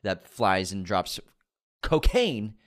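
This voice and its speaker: A man's voice: lowish voice, sing-song, takes it slowly. A man, co-hosting a casual movie news podcast, joking and laughing often. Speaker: podcast co-host.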